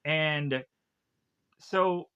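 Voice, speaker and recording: A man with a bright, forceful voice pitched a little high walks through a movie plot in a loose, rambling way. He circles back, restarts and stacks fillers as he goes, sounding like a casual reviewer talking off the cuff. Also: clean tone, muffled recording. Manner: rambling, filler-heavy retelling with quick acted quotes. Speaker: film reviewer.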